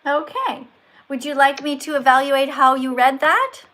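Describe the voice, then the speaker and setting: A woman's voice: sits high, moderate pace, fairly bright tone. A woman hosting a live stream in a schoolteacher tone, correcting and praising viewers with emphatic delivery. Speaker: livestream host.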